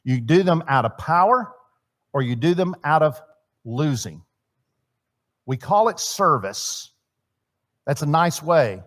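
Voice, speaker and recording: A man teaching a church marriage seminar in a sermon style, swinging between loud emphasis and quiet asides and asking his audience questions. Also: fairly high pitch, very animated, slow pace, pauses often. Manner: chatty, asks the audience questions. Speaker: seminar speaker. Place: church hall.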